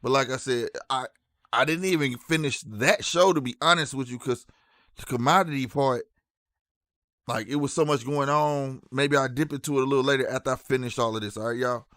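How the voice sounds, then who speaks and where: A man's voice: medium pitch, fairly quick, a bit bright, dry recording. Loose-talking St. man, dry close mic. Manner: loose, repetitive, says "bro" and "you know what I'm saying". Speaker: streaming show host. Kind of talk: casual talk to live chat.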